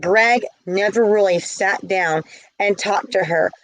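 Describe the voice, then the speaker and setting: A woman's voice: mid-range voice, takes it slowly, no room sound, poor audio. A middle-aged woman telling a story in a casual vlog, heated and indignant. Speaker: vlogger.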